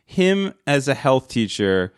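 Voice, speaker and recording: A man rants in a profane, exasperated way while he tells a comedic story. He sounds dry and close to the mic, and his pitch sits in the middle. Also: sing-song, slow pace, clean tone, dry recording.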